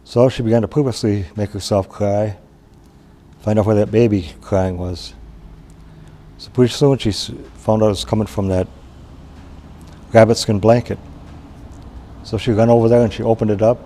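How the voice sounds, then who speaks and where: A man from Wisconsin telling a traditional story in an unhurried, plain-spoken way, with pauses and restarts. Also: fairly low pitch, steady tone, mellow, a little hiss or hum.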